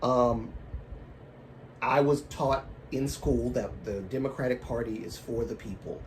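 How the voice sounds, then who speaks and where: A man's voice: mid-range voice, unhurried, distant mic, a little hiss or hum. A man hosting a casual livestream, talking in a rambling, self-correcting way and laughing at his own remarks, with a lingering cough. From American South and Baltimore. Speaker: livestream host. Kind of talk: casual live-stream chat.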